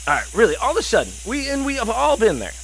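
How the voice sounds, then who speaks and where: Animated, profane male betting-show host. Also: extremely high pitch, quick pace, gravelly, slight background noise. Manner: rambling, profane storytelling with many fillers. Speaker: sports betting podcast host. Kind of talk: casual chat.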